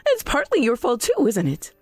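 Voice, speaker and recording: A woman voicing a calm, pointed young daughter-in-law in a text-message story drama. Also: fairly high pitch, moderate pace, dry recording, soft background music. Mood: cutting. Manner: calm, cutting.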